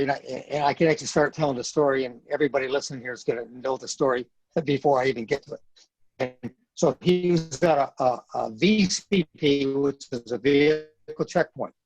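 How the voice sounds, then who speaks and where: A man's voice: medium pitch, fairly quick, darkish tone, no echo, rough recording. A man in his fifties, a retired Marine, telling a story as a podcast guest in a blunt, earnest way and repeating phrases for emphasis. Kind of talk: casual storytelling in a podcast interview.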